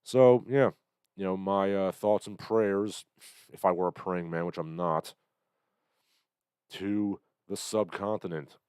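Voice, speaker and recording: A man hosting a livestream, commenting on the news in a sardonic, halting way with lots of fillers, still getting over an illness. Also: low-pitched, steady tone, a little mellow, clear, resonant tone, dry recording. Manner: sardonic, hesitant with many fillers. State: recovering from illness, coughing. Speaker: livestream host.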